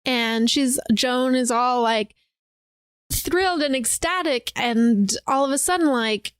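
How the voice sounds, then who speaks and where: Animated woman podcast host, dry close sound. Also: high voice, slow, clean tone, dry recording. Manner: animated, acts out quotes, lots of "like". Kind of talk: casual chat, retelling a film.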